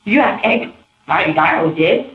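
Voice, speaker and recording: A woman in a police interview, telling her story in a rambling, animated way. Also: lowish voice, moderate pace. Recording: muffled roomy interview tape.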